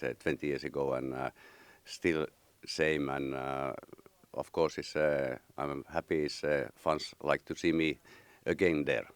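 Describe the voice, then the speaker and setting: A rally driver with Finnish as his first language answers in halting English and searches for each word. His voice is extremely deep and smooth. The sound is dry and close. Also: no echo. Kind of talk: interview answer.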